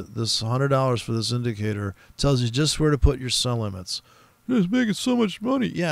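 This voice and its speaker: Gravelly male trader, casual and profane, rambling over his charts, close dry mic. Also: mid-range voice, no echo. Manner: rambling, profane, mimics other traders in quoted voices. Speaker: forex trader streaming his trading. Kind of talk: profane casual trading commentary.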